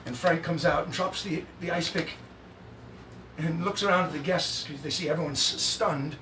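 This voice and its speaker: Lively man retelling a stage show. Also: a little high, moderate pace, echoey room, recorded from a distance, slight background noise. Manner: lively, laughing, restarts mid-sentence. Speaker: storyteller on a live stream.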